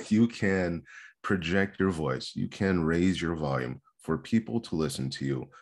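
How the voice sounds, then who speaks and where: A man's voice: rumbling low, vocal fry. A male speech instructor giving an earnest seminar lecture on vocal delivery, stressing points by repeating words. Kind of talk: seminar lecture on public speaking.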